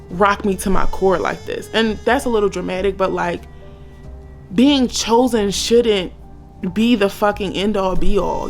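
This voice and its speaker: A woman in her thirties talking candidly and emotionally in a personal vlog, blunt and swearing often. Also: medium pitch. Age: 30s. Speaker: vlogger.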